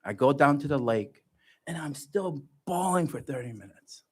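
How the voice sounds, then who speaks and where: A man giving a personal testimony at a church livestream, telling his story in an animated way and joking about himself. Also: a little high, normal speed, husky. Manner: animated storytelling, self-joking, laughs often. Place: church gathering.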